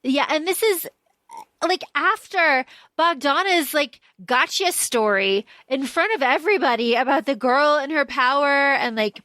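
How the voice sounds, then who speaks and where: A woman's voice: high-pitched, lively intonation, measured pace, pushed and bright, no room sound. A woman co-hosting a casual book podcast, chatty and swearing freely as she acts out characters' lines. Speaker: podcast co-host.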